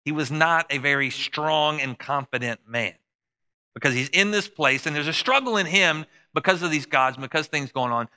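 Man, bright tense voice, slightly higher pitch, conversational sermon. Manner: conversational preaching, acts out voices of Bible figures. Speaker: pastor.

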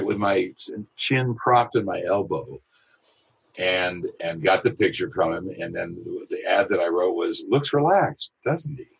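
A male voiceover artist telling a lively anecdote in an interview, with a husky voice. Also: sits low, low-quality recording. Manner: animated anecdotal storytelling. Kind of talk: storytelling in an interview.

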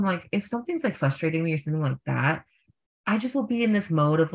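A young man, a drag performer, telling stories in a casual interview, full of fillers and animated quoted voices. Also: a little high, fast, gravelly.

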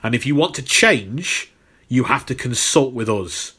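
A man's voice: medium pitch, expressive, unhurried, pushed and bright, breathy edge. A man co-hosting a podcast in casual chat, rambling with lots of fillers and repeated words. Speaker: podcast co-host.

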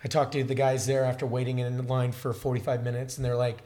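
A man's voice: medium pitch, fast. A man casually telling a long travel story, acting out the people he talked to. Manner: animated storytelling, acts out dialogue. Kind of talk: casual chat.

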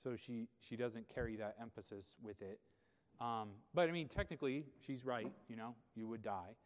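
A man's voice: mid-range voice, normal speed, big-room sound. A man preaching a sermon as pastor, explaining scripture in a conversational way and often checking in with rhetorical questions.

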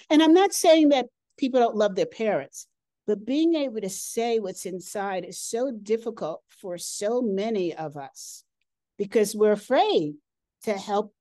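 Her voice medium-pitched and mellow in a dry recording, a woman hosting a podcast muses on a guest's story. She speaks slowly and with feeling in a thoughtful, reflective interview style.

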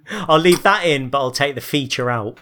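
A man co-hosting a podcast who chats in a relaxed, joking way and runs a quick quiz. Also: on the high side. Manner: laid-back, joking. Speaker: podcast co-host. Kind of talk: casual chat.

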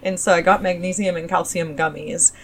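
A woman's voice: fairly low pitch, steady tone, a little fast. A woman in her thirties co-hosting a podcast, chatty and self-deprecating as she tells a story. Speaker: podcast co-host. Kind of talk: casual podcast chat.

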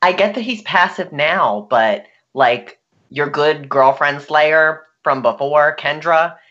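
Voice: mid-range voice, takes it slowly, fairly bright tone, highs cut off. A podcast guest chatting casually, opinionated and questioning.

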